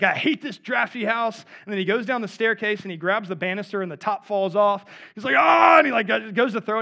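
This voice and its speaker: A high-pitched man in his thirties delivers a sermon in a church, amplified by a mic. His delivery is animated and chatty, full of asides to the congregation. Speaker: pastor. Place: church before a live congregation.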